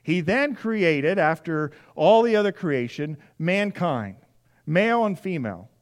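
A pastor preaching a sermon in a church, talking to the congregation in a conversational way, repeating key phrases and acting out little scenes. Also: male voice, on the high side, expressive, a little slow. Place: church sanctuary.

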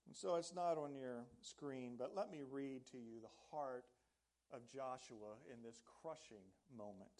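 A man's voice: medium pitch, measured pace, darkish tone. A man preaching a sermon in an earnest way, often turning to ask the congregation questions. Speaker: pastor.

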